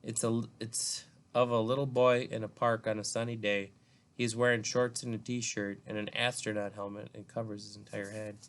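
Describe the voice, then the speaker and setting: A man's voice: on the low side, little pitch movement, normal speed, a bit bright. A man, a teacher, reading a novel aloud to a class, calling out page numbers and stopping now and then to comment.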